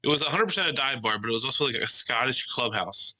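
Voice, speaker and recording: A young man co-hosting a casual podcast, telling animated stories, swearing freely and mimicking other people's voices. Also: mid-range voice, quick pace, poor audio. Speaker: podcast co-host.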